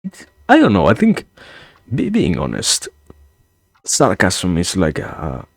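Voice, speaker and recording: Deep gravelly man musing aloud. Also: huge pitch swings, no room sound. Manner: halting, many restarts and self-corrections; musing, wry. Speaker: streamer. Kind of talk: rambling philosophical monologue. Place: home streaming setup.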